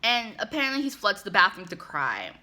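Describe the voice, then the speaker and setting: A woman's voice: medium pitch, huge pitch swings, a little fast, pushed and bright. A woman giving a casual, sarcastic recap full of "like" and asides, talking like a regular host. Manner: sarcastic, chatty, lots of "like". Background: music.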